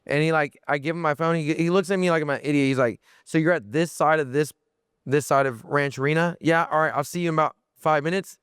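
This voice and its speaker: A young man telling a festival story on a podcast in casual chat, animated, full of fillers, restarts and swearing. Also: on the high side, fast, clean tone, no room sound, studio quality. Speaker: podcast guest.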